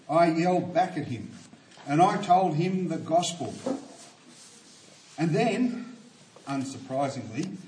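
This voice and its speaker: A man's voice: a little high, darkish tone, slight background noise. An older man preaching a sermon, praying and telling a story in an earnest, emphatic way. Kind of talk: sermon with opening prayer. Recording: roomy echo from a distant mic.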